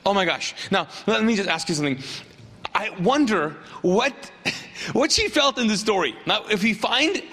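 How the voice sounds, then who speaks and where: A man preaching a sermon in an animated way, acting out the people in his story with jokey asides. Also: sits high, moderate pace, gravelly, slightly rough. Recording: long hall reverb.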